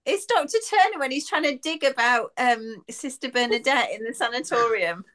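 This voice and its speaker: A woman's voice: a little high, animated, normal speed, fairly bright tone. A woman co-hosting a podcast with friends, chatting casually and getting emotional about a show. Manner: emotional, gushing. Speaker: podcast co-host. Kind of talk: casual chat between friends.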